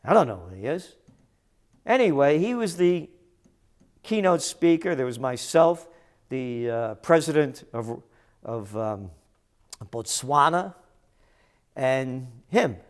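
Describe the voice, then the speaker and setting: An older man hosting a trends commentary show, delivering a combative, sarcastic ranting monologue that breaks into shouted insults. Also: mid-range voice, very animated, takes it slowly, long pauses.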